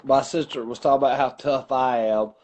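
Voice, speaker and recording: A man's voice: mid-range voice, fairly even intonation, brisk, darkish tone. Drunk guy telling a rambling story, swears a lot, kinda dull lo-fi sound. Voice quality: rambling, profane. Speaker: podcast co-host. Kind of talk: casual storytelling. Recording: dull lo-fi recording.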